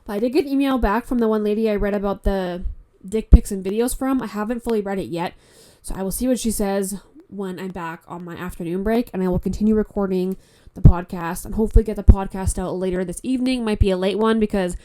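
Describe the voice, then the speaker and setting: Woman, from Canada, podcast host, stuffy nose, tired, mellow voice, rambling, swears a lot, phone mic. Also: mid-range voice, fast. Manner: rambling, frank, swears often. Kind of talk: casual solo podcast chat.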